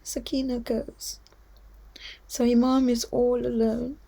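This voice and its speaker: A woman telling a devotional story to children, heartfelt and often dropping into a hushed whisper. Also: fairly high pitch, level tone, takes it slowly, vocal fry. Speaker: storyteller at a children's religious gathering.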